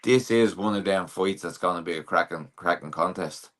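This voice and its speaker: A young Irish man, a professional boxer, talking through a casual interview in a relaxed, plain-spoken way with plenty of fillers. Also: deep voice, moderate pace.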